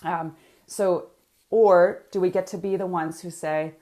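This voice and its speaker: Energetic motivational woman coach. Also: on the low side, measured pace. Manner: energetic, motivational, reading out viewer comments. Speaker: business coach. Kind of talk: live coaching session.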